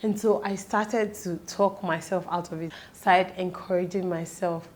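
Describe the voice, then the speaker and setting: Tearful woman, halting and emotional. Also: lowish voice, steady tone, a little mellow. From Nigeria. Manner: tearful, halting, fighting back tears. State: close to crying. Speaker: vlogger. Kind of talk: emotional personal vlog.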